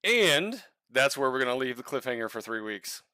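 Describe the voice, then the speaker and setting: A man running a tabletop role-playing livestream as dungeon master, narrating in a relaxed, halting way with many fillers. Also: medium pitch, slight background noise.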